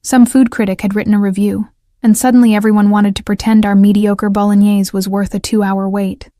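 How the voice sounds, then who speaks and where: A woman narrating a first-person romance story in a measured, scripted way. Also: mid-range voice, flat delivery, mellow, no room sound, studio quality.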